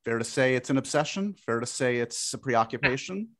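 A man's voice: mid-range voice, animated, brisk, fairly bright tone. A man hosting a podcast in casual chat, talkative and self-deprecating, with many fillers and restarts. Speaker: podcast host.

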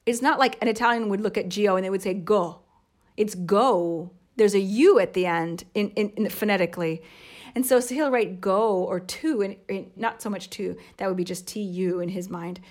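This is a woman from the United States in her thirties, talking in a relaxed, conversational way. She explains things eagerly, working through examples as she goes. Her voice sits in a middle pitch for a woman. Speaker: podcast co-host and mother. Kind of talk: casual chat.

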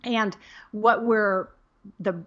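A woman's voice: medium pitch, fairly even intonation, very slow, fairly bright tone, muffled recording. A middle-aged woman co-hosting a podcast in casual chat, emphatic and fond of repeating herself for effect. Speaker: podcast co-host.

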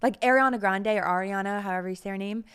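A woman's voice: mid-range voice, fast talker, fairly bright tone, clean tone. A woman co-hosting a podcast in casual chat, laughing often as she talks. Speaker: podcast co-host.

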